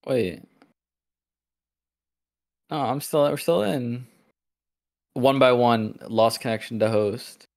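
A tired man on voice chat with a streamer, joking around in a relaxed way after a long session. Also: mid-range voice, slow pace, creaky, long pauses. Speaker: friend on voice chat. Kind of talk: casual gaming chat.

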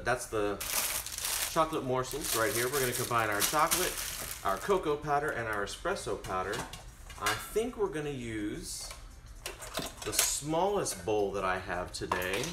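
Here a man with a mid-range voice runs a relaxed live cooking stream at home, speaking straight to viewers in a chatty way. The room is echoey.

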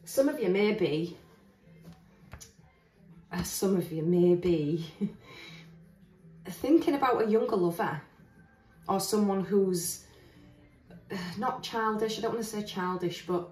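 A woman's voice: mid-range voice, slow, long pauses, darkish tone, faint music behind. A woman doing a casual tarot reading. She talks in a chatty, earnest way and thinks aloud with restarts. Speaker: tarot reader. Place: indoors, standing at a table of cards. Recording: roomy echo, voice heard from a distance.

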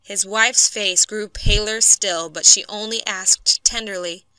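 Bright, crisp woman narrating a story. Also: medium pitch, fairly even intonation, no room sound. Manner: clear, measured storytelling. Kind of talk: audiobook storytelling for English learners.

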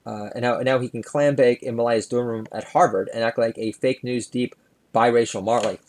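A man's voice: fairly even intonation, brisk. A middle-aged man hosting his own podcast, talking through a rambling comedic monologue with many filler sounds. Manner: shifts into loud high-pitched ranting bits, then mumbly asides full of uh. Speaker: podcast host and stand-up comedian.

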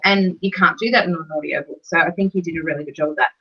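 A woman with an Australian accent, talking in a relaxed, unhurried way with plenty of fillers. Her voice sits fairly low, and the recording sounds dull and lo-fi. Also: husky. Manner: relaxed, uses many fillers. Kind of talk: casual chat.

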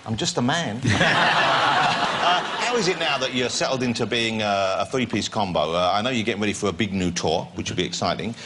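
A man's voice: lowish voice, fairly quick, very noisy. A man hosting a talk show, bantering playfully and laughing with his guest.

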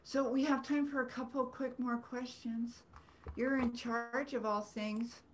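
A woman's voice: on the high side, fairly even intonation, a little slow, slight background noise. A woman, an author telling rambling, earnest stories with self-deprecating humor on a video call. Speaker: author guest. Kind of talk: storytelling in a video-call book club.

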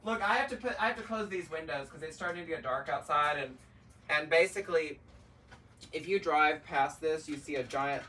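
A middle-aged man hosts a live-stream sale of luxury bags from an indoor shop room, reading viewer comments and teasing them in a campy, sassy, animated way full of asides. His fairly high voice moves at normal speed and sounds distant, with a little hiss or hum.

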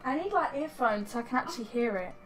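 A woman's voice: a little high, animated, fast talker, soft background music. A woman chatting casually on a game live stream, bubbly and giggly, talking into a headset at home. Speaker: streamer host. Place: home setup, headset mic.

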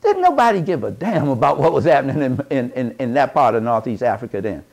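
Man with a high voice, fiery preacher-style lecturer, folksy and emphatic. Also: wildly swooping pitch, fairly quick, creaky. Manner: preacherly, rising to shouted emphasis; folksy, colloquial, with double negatives. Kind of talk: impassioned lecture to a live audience.

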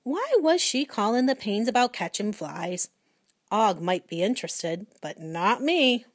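A woman narrating a children's storybook aloud in a clear, steady reading voice. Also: mid-range voice, a little slow, no echo, clean studio sound. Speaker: audiobook reader.

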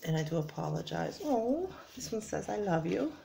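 A tired woman chatting casually in a soft, low-energy voice as she unboxes craft supplies, sometimes dropping to a whisper. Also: sing-song, moderate pace, gravelly, a little hiss or hum. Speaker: crafting vlogger.

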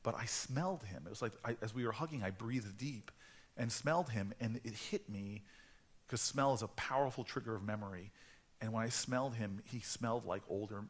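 A man in his forties telling a story to a live audience at a book event, animated and acting out the voices he quotes. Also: on the low side, a little fast, breathy edge. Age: 40s. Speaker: author speaking at a book event.

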